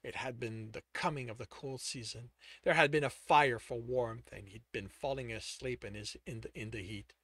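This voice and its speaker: A man's voice: medium pitch, normal speed, fairly bright tone, no echo. A man reading his own novel aloud, now and then stopping to correct the text. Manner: stops to correct and comment on the text. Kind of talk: reading aloud while proofreading.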